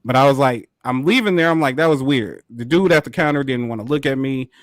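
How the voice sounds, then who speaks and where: A man co-hosting a podcast, telling a story in a casual, animated way, full of profanity and quick laughs. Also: mid-range voice, no echo, studio quality. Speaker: podcast co-host.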